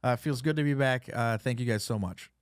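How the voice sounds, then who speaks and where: A man's voice: mid-range voice, fairly quick, slight background noise. A man hosting a podcast, telling stories in casual chat and acting out the quotes, swearing freely. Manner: animated storyteller, acts out quotes, swears freely. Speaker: podcast host.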